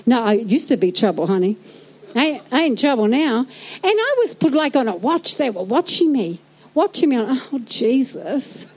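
A middle-aged woman with a New Zealand accent preaching a sermon in a lively, joking way, acting out little scenes. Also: a little high, moderate pace, low-quality recording. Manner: animated, jokey, acts out little scenes.

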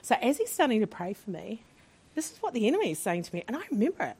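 A woman pastor sharing a testimony from the pulpit. Her voice sits high and swoops widely as she tells the story with animation and frequent laughter. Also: very animated, fast, a little mellow, breathy edge. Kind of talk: sermon testimony.

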